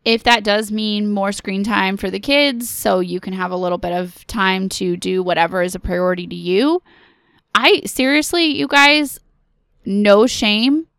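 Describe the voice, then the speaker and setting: Podcast host, woman in her thirties, unhurried encouraging pep talk, dry close mic. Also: medium pitch, a bit bright, smooth, no room sound. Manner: earnest, pep-talk, direct address to listeners.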